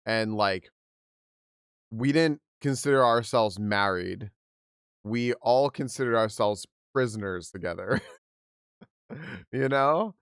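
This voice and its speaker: A man's voice: on the low side, takes it slowly, pauses often, smooth, dry recording. Chatty young man with a dry sound. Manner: chatty, laughs often, stammering restarts. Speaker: livestream host. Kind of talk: casual livestream chat, reading aloud and reacting.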